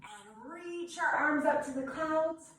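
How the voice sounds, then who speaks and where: A young woman leads children through yoga in a cheerful, encouraging, sing-song voice. Her voice is high and lively, and she speaks slowly. It sounds echoey, picked up from a distance. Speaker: kids' yoga teacher. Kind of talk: guided children's yoga class.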